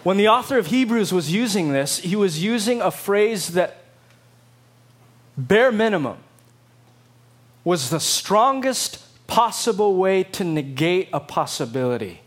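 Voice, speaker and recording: High-pitched emphatic preacher. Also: male voice, sing-song, a little slow. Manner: dramatic, emphatic preaching with acted-out quotes. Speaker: pastor. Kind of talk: sermon.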